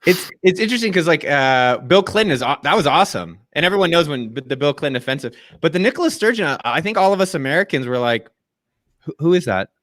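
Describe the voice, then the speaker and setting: A man's voice: fairly high pitch, lively intonation, fast talker, hardly any pauses, fairly bright tone, no echo. Eager stammering host man. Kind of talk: casual video call interview. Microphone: video call.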